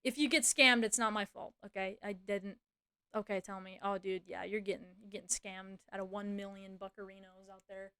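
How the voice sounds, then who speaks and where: A woman's voice: medium pitch, little pitch movement, a little fast, sharp tone, clean tone. A young woman streamer chatting casually, rambling through a story and swearing freely. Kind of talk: casual livestream chat.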